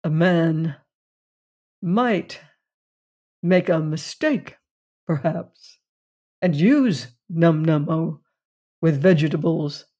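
A brooding, educated gentleman detective, as a storybook narrator puts him on, speaking in a low, hushed voice. He talks slowly, with long gaps between his words, and every phrase sounds weighty. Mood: hushed, grave.

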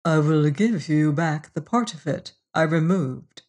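An audiobook narrator with a mid-range, slightly mellow voice reads unhurriedly, lightly acting the part of a petulant, scheming devil. The devil speaks in a fussy, pettish, mocking manner, with a sly and pettish mood.

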